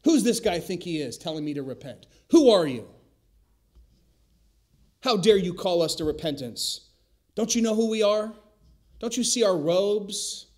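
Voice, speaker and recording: A proud, indignant religious elder who bristles at any call to repent, his voice raised high and loud with offended questions, as a male preacher acts him out. He sounds pompous and affronted. Each line lands as a scornful challenge. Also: animated, a little slow, long pauses. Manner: haughty, outraged rhetorical questions.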